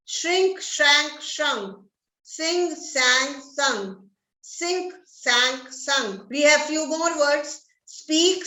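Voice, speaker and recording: Slow, high-voiced woman teacher reciting. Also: fairly bright tone. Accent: Indian English. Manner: slow, drilled recitation of word lists. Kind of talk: reading a verb list aloud. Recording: roomy echo, distant mic.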